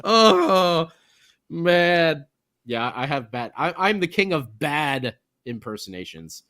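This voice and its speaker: A man co-hosting a late-night sports podcast, chatting casually in an animated, joking, rambling way. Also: fairly high pitch, slow, dry recording, studio quality. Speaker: podcast co-host.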